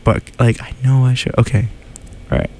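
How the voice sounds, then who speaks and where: A man's voice: mid-range voice, little pitch movement, normal speed, darkish tone, a little hiss or hum. A man hosting a radio show, chatting casually and animatedly, laughing and sounding incredulous. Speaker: radio host.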